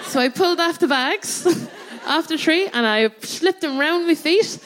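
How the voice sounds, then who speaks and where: On a theatre stage in front of a live audience, an Irish comedian serving as guest co-host tells a funny story in a very high, expressive, slightly bright voice at a somewhat slow pace. She's chatty, laughs through her own tale, and keeps checking in with "right?"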